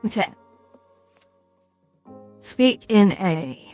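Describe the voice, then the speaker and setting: A woman's voice: medium pitch, sing-song, very slow, a little mellow, faint music behind. A young British woman streaming a quiz game, chatting casually, reading questions aloud and stumbling over hard words with a self-mocking, swearing manner.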